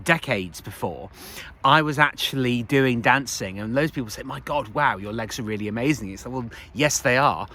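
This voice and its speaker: A man's voice: medium pitch, pushed and bright. A man in his forties talking as a life coach in a casual motivational monologue, rambling with frequent restarts and laughs. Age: 40s.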